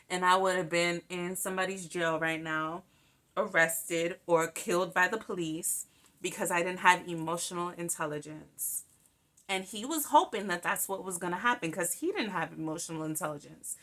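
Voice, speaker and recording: A young woman hosting a show, telling a personal story in a candid, animated way and swearing freely. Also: medium pitch. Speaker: podcast host. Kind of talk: casual storytelling monologue.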